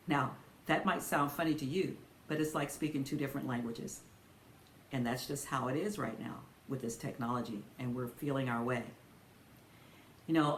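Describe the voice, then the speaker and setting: Older woman minister telling gentle stories in a sermon, roomy echo. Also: extremely low pitch, a little hiss or hum. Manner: storytelling, folksy and gentle. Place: church. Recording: echoey room with faint ambience.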